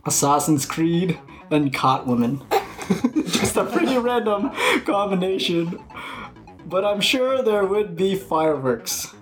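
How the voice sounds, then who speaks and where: A man reading a letter aloud in a deliberately bad, put-on Australian accent that keeps slipping. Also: sits high, expressive, faint music behind, pitched above the performer's own voice. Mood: playful. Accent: put-on Australian, badly done. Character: exaggerated fake Australian letter reader, male.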